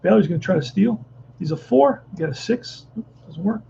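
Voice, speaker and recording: A man with a high, gravelly voice talks through a tabletop baseball game, rambling and restarting as he thinks aloud. His tone is dark and mellow, and the recording sounds dull and slightly lo-fi with faint background noise. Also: expressive, normal speed. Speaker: tabletop baseball player narrating a replay. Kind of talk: casual play-by-play and chat.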